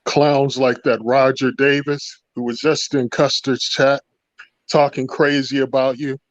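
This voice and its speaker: A man's voice: medium pitch, flat delivery, a little slow, no room sound. A man calling into a livestream, offering the host advice and speaking to the viewers. His call audio is dull and lo-fi, with a dry sound. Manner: advising, speaks to the audience. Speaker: caller. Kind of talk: casual call-in commentary.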